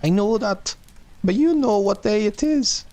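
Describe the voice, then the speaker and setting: A man voicing a frantic, hysterical old woman with a Scottish accent in a high falsetto wail. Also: expressive, a little slow, mellow. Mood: frantic pleading.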